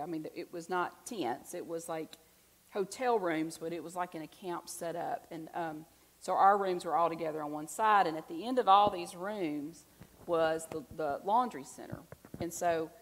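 Woman, slightly low voice, conversational sermon, storytelling, rhetorical questions. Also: rough recording. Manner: chatty, animated storytelling with rhetorical questions to the congregation. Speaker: preacher.

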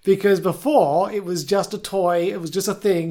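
A woman's voice: mid-range voice, fairly even intonation, normal speed, dark tone. A woman in her forties with an Australian accent, chatting with dry, blunt humor. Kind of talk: casual podcast chat.

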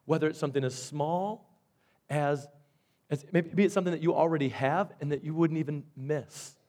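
Emphatic male pastor, slightly high voice. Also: normal speed, warm tone. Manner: emphatic, repeats key phrases. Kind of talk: sermon.

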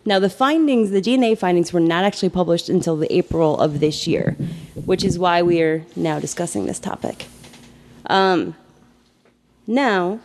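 A woman's voice: fairly low pitch, a little mellow. A woman co-hosting a casual podcast chat, reading out her research findings and swearing freely. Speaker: podcast co-host.

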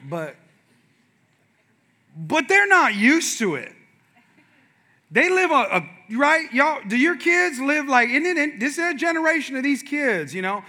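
A man's voice: very high voice, very animated, a little slow, pauses often, bright, forceful tone. A middle-aged male pastor telling a funny family story in a playful, conversational sermon, calling out to the congregation.

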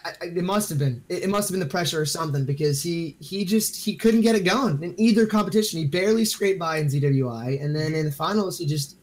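A man's voice: on the high side, fast talker, few pauses, darkish tone. A man co-hosting a gaming podcast, chatting casually and saying dude and bro a lot. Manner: laid-back, says dude and bro a lot. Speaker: podcast co-host. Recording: faint background noise.

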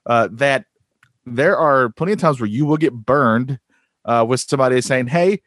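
A man's voice: medium pitch, normal speed, fairly bright tone, dry recording. Man, podcast co-host, casual rambling chat, lots of fillers, dry close sound. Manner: rambling, many fillers and restarts.

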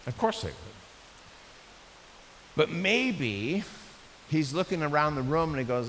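A man preaching a sermon in a church, in a conversational, animated way with frequent restarts. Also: fairly high pitch, slow pace, long pauses. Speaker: pastor. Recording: echoey hall with faint hiss.

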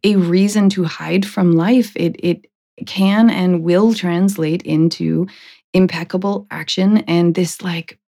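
A woman's voice: on the low side, steady tone, slow pace, vocal fry, dark tone. A woman hosting a podcast in casual conversation, talking reflectively, often laughing and checking in with "right?". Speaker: podcast host.

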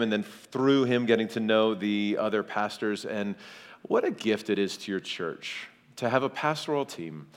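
A man in his forties from Kentucky, a guest preacher giving a sermon with friendly, joking asides to the congregation. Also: on the low side. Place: large church hall. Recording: long church hall reverb.

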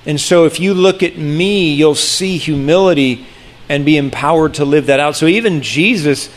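A man preaching a sermon in an earnest, conversational way, often restarting phrases and slowing down to stress key words. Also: on the high side. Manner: earnest, with frequent restarts and slowed emphasis. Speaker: pastor.

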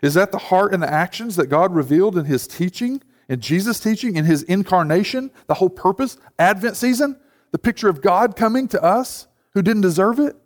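High-voiced pastor in a reverberant hall. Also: male voice, expressive, brisk. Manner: conversational, acts out quoted voices. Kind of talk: sermon. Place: church sanctuary.

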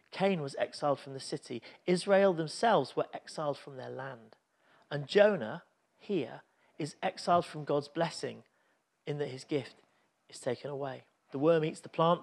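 A man's voice: on the high side, vocal fry, darkish tone. A man preaching a sermon, telling a Bible story in an earnest, reflective way.

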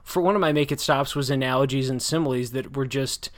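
A man picks apart a book in a loose conversation. He circles back on himself with lots of restarts and hedges, and his pitch sits in an ordinary middle range. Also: fairly even intonation, fast talker. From United States. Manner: critical, rambling with many restarts and hedges. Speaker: podcast host discussing a book. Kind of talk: casual book discussion.

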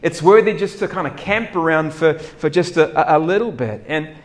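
A male pastor delivering a sermon in an animated, conversational way. His voice sits a little high for a man, and he moves from soft, thoughtful asides to bursts of louder, acted-out dialogue. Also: normal speed. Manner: animated, acts out characters' doubts with dramatic swings in loudness.

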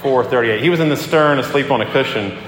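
A man preaching a sermon as a pastor, talking in a conversational, animated way as he tells a story and acts out the quotes. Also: medium pitch, quick pace, slight background noise. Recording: echoey hall with long reverb.

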